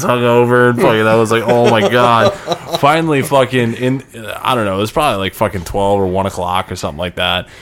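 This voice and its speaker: A young man telling crude stories in casual chat, swearing constantly and laughing his way through loud retellings. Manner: profane, rowdy, laughs into high-pitched retellings.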